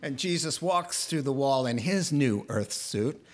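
A man preaching a sermon as a pastor, telling the story in a lively, conversational way and joking with his congregation. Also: unhurried. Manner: animated storytelling, voicing characters with a rising pitch.

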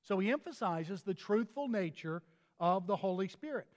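A man's voice: high-pitched, expressive, normal speed, long reverb tail. A pastor delivering a sermon in an earnest manner, often restarting his phrases.

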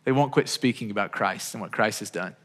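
A man's voice: on the low side, a little fast, a bit bright, in a large hall. A man preaching a sermon as pastor, earnest and urgent, often repeating words as he starts a phrase.

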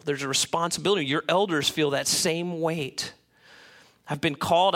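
A middle-aged American pastor preaches a sermon in a slightly high voice. He's animated, swinging from loud emphasis to quiet asides, and he acts out different voices.

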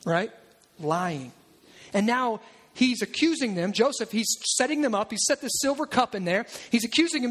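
A man preaching a sermon in a lively, conversational way, breaking into asides and acted-out quotes. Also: high voice, moderate pace.

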